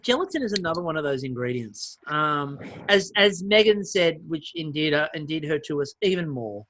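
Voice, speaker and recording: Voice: medium pitch, normal speed, slight background noise. A podcast co-host, chatting casually and jokingly retelling scenes from a baking show. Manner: animated, jokey, retells scenes in quoted voices. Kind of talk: casual chat.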